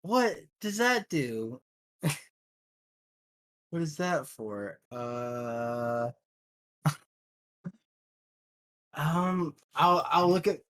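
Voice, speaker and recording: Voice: mid-range voice, a bit bright. A player in a tabletop game reacting casually, often laughing and stumbling over words.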